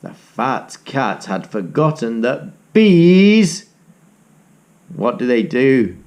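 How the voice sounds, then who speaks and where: A male teacher reading a picture book aloud to young children, animated and inviting them to join in with sounds. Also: medium pitch, very slow.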